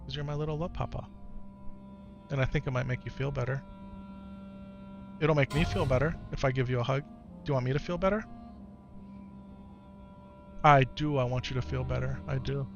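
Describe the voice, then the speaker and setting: A man in his thirties at home, talking gently and patiently to his young son, then chatting casually with his live-stream viewers. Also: mid-range voice, steady tone, normal speed, long pauses, dull audio. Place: home, in the morning. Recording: clear background music under voice. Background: music.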